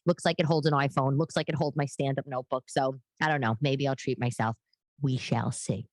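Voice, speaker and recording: A woman, hosting a casual chat show and talking in rambling tangents with quick voiced asides. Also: very deep voice, fairly even intonation, no echo. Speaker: podcast host and comedian.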